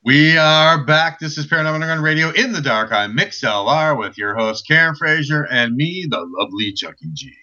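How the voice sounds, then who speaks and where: Bright-voiced male radio host, lo-fi. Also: fairly high pitch, animated, brisk, few pauses. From Chicago. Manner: loose, chatty, joking, many fillers. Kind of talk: casual radio interview.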